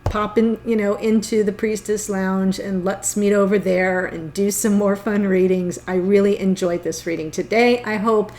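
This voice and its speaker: A woman's voice: medium pitch, steady tone, moderate pace, few pauses, a little mellow. A woman doing a tarot reading to camera, playful and chatty, often breaking into giggles. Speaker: tarot reader.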